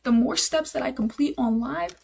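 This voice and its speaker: A woman's voice: high voice, normal speed, vocal fry, breathy edge. A young woman live-streaming while she codes, thinking aloud, repeating herself, and talking to her chat in casual, easily exasperated chatter.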